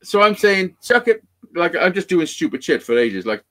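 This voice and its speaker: A man's voice: a little high, moderate pace. A man telling a rambling, sweary story in casual chat. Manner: rambling, heavy swearing, animated. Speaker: podcast guest storyteller.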